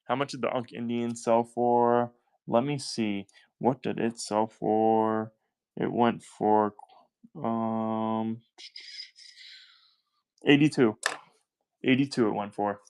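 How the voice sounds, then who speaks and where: A man's voice: fairly low pitch, fairly even intonation, takes it slowly, long pauses, darkish tone, smooth, dry recording. A man with a Southern US accent hosting a live-stream coin auction, talking in upbeat, chatty selling patter and thanking buyers by name.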